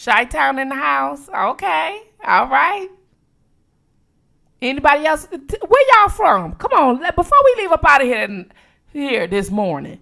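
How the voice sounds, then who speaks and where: Lively high-voiced woman hosting a livestream. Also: vocal fry. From Detroit. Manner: animated, reads out viewer locations with quick reactions. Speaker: livestream host. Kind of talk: late-night live chat with viewers.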